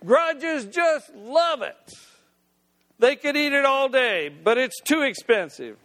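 A man voicing a whiny, self-pitying man who nurses a grudge, pleading in a drawn-out way. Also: extremely high pitch, lively intonation, bright, forceful tone, voice pushed up, exaggerated voice. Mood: coaxing. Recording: long hall reverb.

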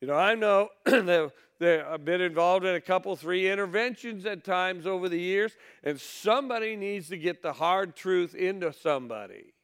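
A man's voice: high-pitched, fairly bright tone, smooth. A man preaching a sermon, reading scripture aloud and then retelling it in blunt, folksy words.

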